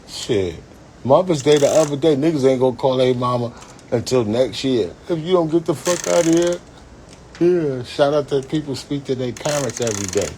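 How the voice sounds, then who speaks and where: A man hosts a casual livestream, rambling, swearing and laughing often as he talks. His voice is mid-range and a little mellow, with a bit of hiss or hum in the background.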